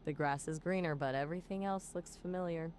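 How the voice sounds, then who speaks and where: A woman's voice: deep voice, a little fast, darkish tone, slight background noise. A synthetic woman's voice acting as an AI companion, chatty and full of playful quips. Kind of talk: conversational AI chat.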